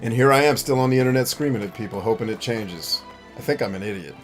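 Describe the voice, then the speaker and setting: A blunt, foul-mouthed man chatting on a live stream with a middle-pitched voice. He laughs often and flares into shouting whenever he acts out a story. Faint music plays under his talk. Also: lively intonation, quick pace. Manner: blunt, profane, laughs often, bursts into shouting when acting out scenes. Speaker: streamer and gaming show host. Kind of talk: casual live-stream chat.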